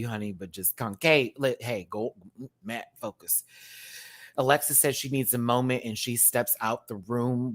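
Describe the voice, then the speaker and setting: A man hosting a casual reaction show, campy and chatty, swinging from loud exclamations to quiet asides and laughing often. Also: medium pitch. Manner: campy and chatty, repeats words for emphasis.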